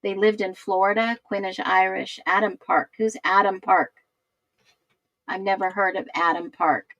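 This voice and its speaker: A woman's voice: mid-range voice, level tone, normal speed, fairly bright tone, no echo, lo-fi sound. A woman hosting a casual livestream, thinking aloud and looking things up as she reads viewers' comments. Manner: thinks aloud, searching while she talks. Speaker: livestream host.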